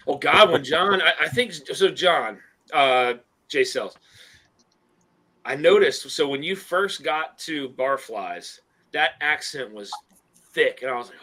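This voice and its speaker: A man's voice: on the high side, expressive, slow pace, sharp tone. A man hosting a casual livestream chat, easygoing and rambling, laughing often. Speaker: host.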